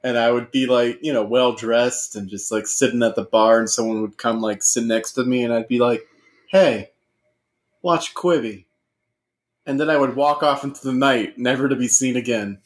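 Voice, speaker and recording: A man co-hosting a comedy podcast, joking through deadpan asides and banter. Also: medium pitch, brisk, hardly any pauses. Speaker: podcast co-host.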